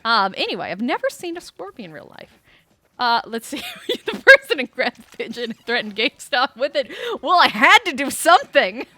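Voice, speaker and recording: A woman streams a video game and tells rambling, animated stories to her viewers, breaking off to swear at the game. Her voice is bright and a little sharp, pitched somewhat high. The sound is dry and close, with no room around it. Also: moderate pace, dry recording. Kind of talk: casual gameplay chat.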